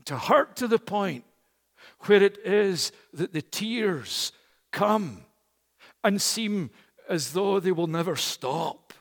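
A middle-aged male pastor preaching a sermon, slow and emphatic, repeating key phrases for weight. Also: sits high, animated, gravelly, big-room sound. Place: church.

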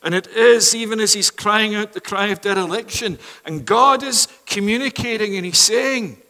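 A man with a high, bright, ringing voice delivers a sermon from a church pulpit. He moves between forceful proclamation and hushed, almost whispered pleading. The sound trails off in the long reverb of a large hall. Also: moderate pace, few pauses. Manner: swings from loud proclamation to hushed near-whispers. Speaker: preacher.

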